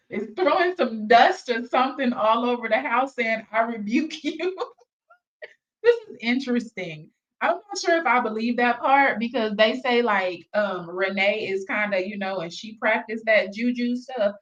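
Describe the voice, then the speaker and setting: A woman hosts a casual gossip reaction show, breaking into animated asides addressed to her viewers. Her voice sits a little high. The recording sounds slightly dull and lo-fi. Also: measured pace. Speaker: reaction channel host.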